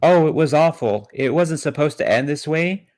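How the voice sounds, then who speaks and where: A man reading the lines of a frightened, panicking man in a flat read-aloud voice with no accent. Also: a little high, normal speed, natural voice. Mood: distraught.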